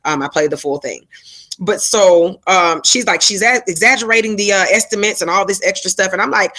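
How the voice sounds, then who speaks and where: A woman's voice: mid-range voice, animated, normal speed, bright, forceful tone. Chatty woman telling a story on a live stream. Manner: chatty, slangy, breaks off to answer viewers. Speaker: livestream host. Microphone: phone and laptop setup.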